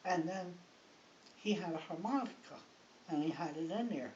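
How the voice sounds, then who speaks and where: A woman's voice: on the low side, lively intonation, moderate pace, a little mellow, far from the mic. Older woman, grandmotherly storyteller, loose and rambling delivery; muffled, hissy home recording from across an echoey room. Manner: rambling, chatty, checks in with "right?" and "like". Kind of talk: casual storytelling. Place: living room, on a sofa.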